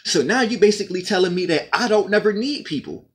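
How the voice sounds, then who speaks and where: A man's voice: high-pitched, lively intonation, fast talker. Aggrieved man ranting to camera. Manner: aggrieved and profane, repeating his points. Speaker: vlogger.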